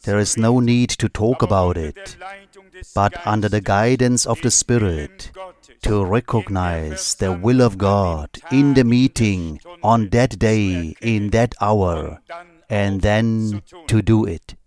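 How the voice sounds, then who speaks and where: A man preaching a sermon in slow, measured, short phrases. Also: lowish voice, a little mellow.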